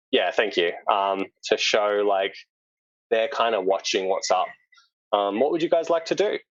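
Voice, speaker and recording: A man's voice: fairly low pitch, dry recording, dull audio. A man with an Australian accent narrating a tabletop game as game master, casual and hesitant. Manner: casual, hesitant, lots of fillers.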